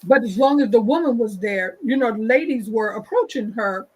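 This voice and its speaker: A woman's voice: fairly high pitch, lively intonation, moderate pace, darkish tone, slightly rough, low-quality recording. A woman hosting a talk show, giving her opinion in an emphatic casual way and repeating her points. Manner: emphatic, repeats points, acts out quoted people.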